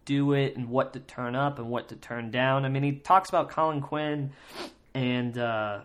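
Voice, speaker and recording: A podcast host talks alone about comedy in a casual, rambling way, with many fillers and restarts, and sometimes slips into loud mocking voices to quote others. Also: mid-range voice, steady tone, normal speed. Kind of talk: solo comedy podcast commentary.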